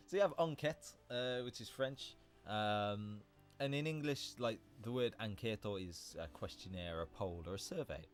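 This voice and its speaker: A man with a fairly low voice talks through vocabulary on a casual livestream. He is chatty and loose, and he stops to correct himself. Soft music plays faintly behind him. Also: moderate pace. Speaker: livestream host teaching English vocabulary.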